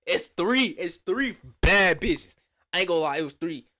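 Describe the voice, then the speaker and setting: Here a young Atlanta man, a vlogger, tells a laid-back story full of slang and acts out lots of the quotes with animation. He speaks at a moderate pace in a high-pitched voice, recorded dry.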